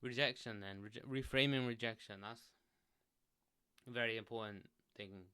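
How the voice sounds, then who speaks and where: A man's voice: mid-range voice, moderate pace, clear, resonant tone. A man sitting in a chair, giving casual self-help advice into a desk microphone in a loose, rambling way with lots of fillers. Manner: rambling, lots of "like", restarts, relaxed. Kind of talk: casual solo advice talk.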